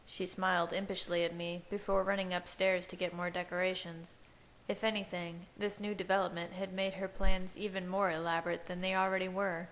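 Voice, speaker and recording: A woman reading a fanfiction chapter aloud in steady first-person narration. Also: lowish voice, a little fast, slight background noise, rough recording. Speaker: fanfiction reader. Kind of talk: amateur audiobook reading.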